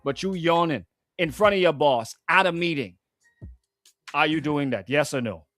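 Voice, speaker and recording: A high, very lively man hosts a morning radio show from the studio. He tells stories with animated voices for the people in them. The sound is dry and close, with faint music underneath. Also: moderate pace, no room sound. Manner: animated storytelling, drops into voices for quoted people. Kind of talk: casual radio banter.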